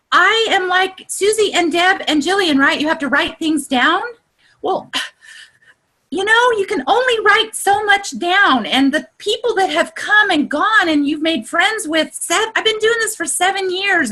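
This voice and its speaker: High, lively woman leading an online class. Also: a little slow. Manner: voice climbs high when excited; chatty and exclamatory, with many "look" and "you know". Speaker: trainer leading an online group session. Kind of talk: casual instructional talk. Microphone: video call.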